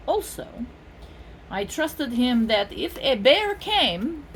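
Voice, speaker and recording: A woman's voice: on the high side, a bit bright, slight background noise. A middle-aged woman from California giving a casual tarot reading, playful and rambling with frequent laughs. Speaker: tarot reader.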